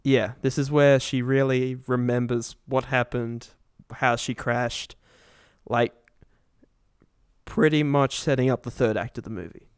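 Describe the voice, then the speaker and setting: A man with a smooth, clear voice, recorded dry and close, chats eagerly about a film on a podcast. He swears casually and laughs often. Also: medium pitch, fairly even intonation, measured pace, no echo. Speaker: podcast co-host. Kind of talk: casual movie discussion.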